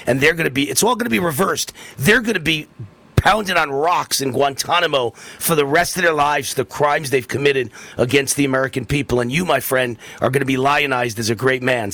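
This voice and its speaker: A man's voice: medium pitch, vocal fry, sharp tone, dry recording. A man hosting a political talk radio show, talking in an emphatic, heated way with lots of repetition.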